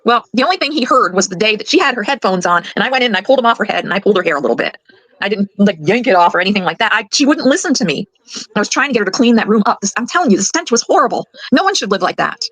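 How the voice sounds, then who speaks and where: An older woman and grandmother giving her side of a family conflict, fast and indignant, getting worked up as she talks. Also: mid-range voice, animated, fairly bright tone, dry recording, low-quality recording. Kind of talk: emotional recorded account.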